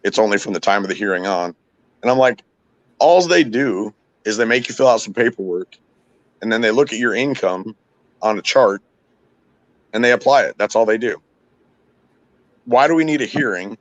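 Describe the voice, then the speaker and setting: On a dry recording with the highs cut off, a man with a medium-pitched, expressive voice speaks at a moderate pace and pauses often. He hosts a podcast, casually chatting and ranting through frustrated, profanity-laden stories.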